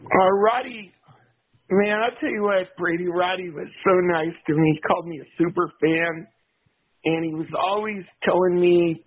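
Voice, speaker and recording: A man calling in to a radio show, chatting casually in a rambling, halting way. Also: high voice, breathy edge. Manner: rambling, halting, full of restarts and filler. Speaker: caller. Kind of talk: casual call-in chat. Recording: tinny phone line.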